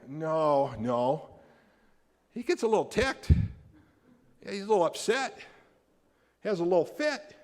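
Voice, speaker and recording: An American man preaching a sermon as a pastor, animated and acting out the people in the story with big jumps in voice. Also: normal speed, long pauses. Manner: animated, acts out quoted characters with big pitch jumps. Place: church sanctuary. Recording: long hall reverb.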